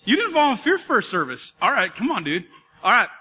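A man's voice: high voice, a little fast, big-room sound, noisy background. A man preaching a sermon as pastor, talking in a casual, joking way with his congregation. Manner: energetic, conversational, joking with the congregation. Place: church auditorium.

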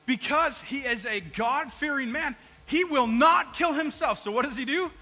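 A man's voice: very high-pitched, sing-song, moderate pace, pushed and bright, breathy edge, low-quality recording. A man preaching a sermon in church, acting out people's complaints to God and asking his congregation questions. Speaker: pastor.

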